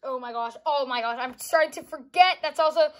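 A woman opening trading cards for a casual vlog, excitable and gasping, often calling out to her viewers, recorded on a phone. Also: high-pitched, a little fast. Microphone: phone on a charger.

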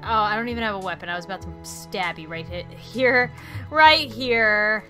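A woman hosting a let's play, commenting in an excitable, exclamatory way and playfully threatening the game character. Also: mid-range voice, moderate pace, faint music behind. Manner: excitable and exclamatory, openly frustrated. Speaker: gaming video host.

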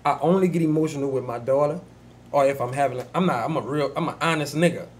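A man's voice: mid-range voice, fast, slight background noise. A man in his thirties from New Orleans with a New Orleans accent, co-hosting a podcast in casual chat, emphatic and repeating himself when worked up. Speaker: podcast co-host.

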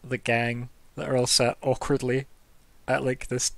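A man's voice: mid-range voice, little pitch movement, a little slow, creaky, fairly bright tone, no room sound. A man running a tabletop game as game master, narrating in a loose, rambling way. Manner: casual, rambling with fillers.

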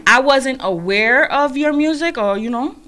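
A woman co-hosting an interview show, speaking in a loose, slangy, emphatic way. Her voice is bright and forceful, and it sits a little high. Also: lively intonation, moderate pace. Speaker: co-host. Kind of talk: casual chat.

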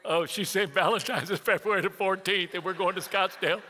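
Bright, high-voiced preacher in a reverberant hall. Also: male voice, a little fast, a faint crowd, slight background noise. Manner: humorous storytelling preacher, acts out family conversations. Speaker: pastor. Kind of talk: sermon. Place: church sanctuary.

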